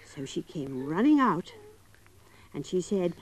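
A woman narrating a story for young children in a gentle, coaxing way, talking straight to them. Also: fairly low pitch, big pitch swings, slow, slightly rough.

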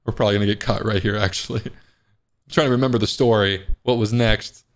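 A man's voice: lowish voice, fairly even intonation, fairly quick. Joking man commenting on a game. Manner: joking, panicky outbursts. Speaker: gaming video host. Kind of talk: casual let's play commentary.

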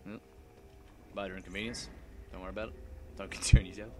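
A young man giving casual, swear-heavy commentary while playing a video game, excitable and prone to sudden loud yelps. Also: low voice, fast talker, background noise. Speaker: let's play gamer.

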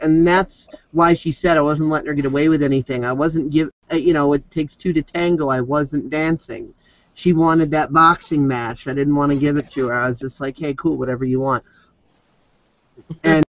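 A man's voice: on the high side, rough recording. A man talking casually in a rambling storytelling way, with frequent restarts. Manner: rambling storyteller with restarts, mimics voices in quotes. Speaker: video host. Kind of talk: casual chat.

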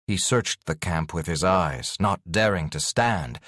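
Male fantasy audiobook narrator, low register, very animated pitch, expressive read, dry close studio sound. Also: measured pace, dry recording.

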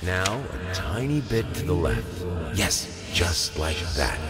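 A man voicing a creepy male painter who directs his model in a slow, leering murmur, from a game over loud music. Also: low voice, very animated, exaggerated voice.

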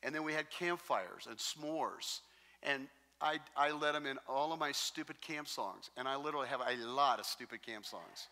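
A male pastor delivers a sermon, spinning stories in an animated, jokey way. His voice is bright and forward, sitting at an average pitch for a man. The sound carries a long, lingering reverb from a large hall. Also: normal speed. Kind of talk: sermon with storytelling.

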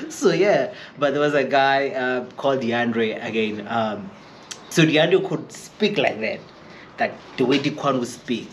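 Male vlogger, mid-pitched, chatty storyteller who mimics others, faint background hiss. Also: measured pace. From Eastern Free State, South Africa. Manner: chatty, rambling, acts out quoted people. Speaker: chef vlogger. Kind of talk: casual storytelling to camera.

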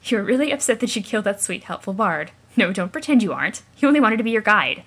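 A woman's voice: mid-range voice, sing-song, fast talker, fairly bright tone, husky. A woman hosting a let's play, reading a webcomic aloud in a sarcastic, mocking narrator's voice.

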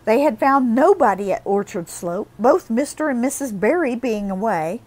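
A woman narrating a classic novel as an audiobook, with expressive storytelling. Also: fairly high pitch, moderate pace, low-quality recording.

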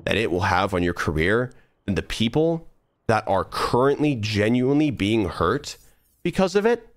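A man's voice: fairly low pitch, sing-song, moderate pace, no echo. A young man streamer talking earnestly in a casual, rambling monologue full of restarts while he plays a game. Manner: rambling, earnest, many restarts and trailing asides.

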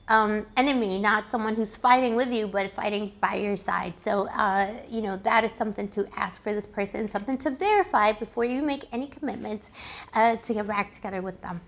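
Tarot lady chatting to the camera, bit hoarse, sweet pet names, higher voice. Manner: playful and affectionate, coos pet names at the viewer. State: slightly hoarse. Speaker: tarot reader. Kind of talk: casual tarot reading to camera.

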